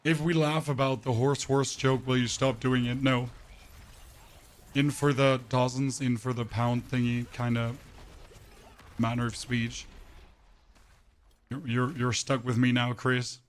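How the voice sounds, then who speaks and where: A man's voice: mid-range voice, level tone, a little slow, pauses often. A man streaming a game and chatting with his viewers through a voice changer, opinionated and ranting, often tripping over his words. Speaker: gaming streamer. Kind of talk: casual livestream chat while gaming.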